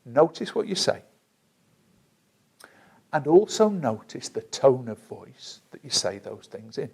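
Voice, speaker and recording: A man with a voice of ordinary middle pitch talks a listener through a self-help technique. He stays gentle and measured, and he slows down to give each instruction. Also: very animated, gravelly, slightly rough. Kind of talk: calm guided instruction.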